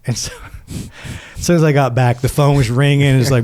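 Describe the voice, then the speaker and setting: A middle-aged man, a former Navy SEAL, telling stories casually and acting out the quoted lines in a lively way. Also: medium pitch, a little fast, slight background noise. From United States. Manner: animated, acts out quoted dialogue. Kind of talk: casual storytelling.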